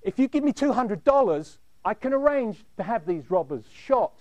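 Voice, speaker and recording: A man's voice: sits high, big pitch swings, moderate pace, a little mellow, dry recording, dull audio, pitched above the performer's own voice. Man playing a nervous, apologetic hotel manager. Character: nervous male hotel manager in a black suit.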